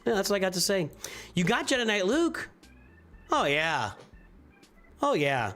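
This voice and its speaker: A man with a slightly high voice talks through viewers' game rosters on a live stream. His talk is loose and casual, with restarts and repeated phrases as he thinks aloud. Faint music plays underneath. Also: very animated, measured pace, fairly bright tone.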